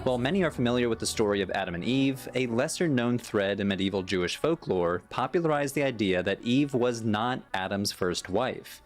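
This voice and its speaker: A man reading scripted documentary narration in a measured, explanatory way. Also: medium pitch, animated, soft background music.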